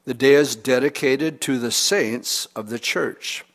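A man preaching from the pulpit with a mid-range voice, relaxed and chatty, slipping into little acted-out prayers and asides. The hall rings with a long reverb behind him. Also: medium pitch, measured pace. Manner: conversational preaching with humor and quoted examples. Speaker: pastor. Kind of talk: sermon.

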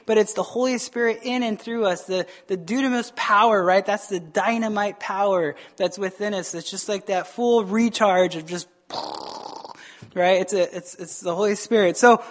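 Male pastor, lively preacher, jokes, quizzes the pews. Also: high voice. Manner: animated, joking, quizzes the congregation. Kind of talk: sermon. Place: church service.

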